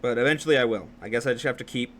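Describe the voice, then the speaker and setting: A young man streaming live late at night, teasing his chat and jumping from low mumbles to sudden yells. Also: racing, slight background noise. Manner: excitable, teasing, jumps from mumbling to yelling.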